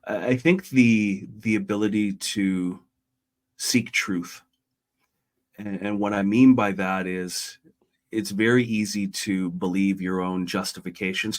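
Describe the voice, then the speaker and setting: A middle-aged man, a podcast guest, talking earnestly and retelling a parable in a conversational way. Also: sits low. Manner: retells a parable, voicing characters lightly.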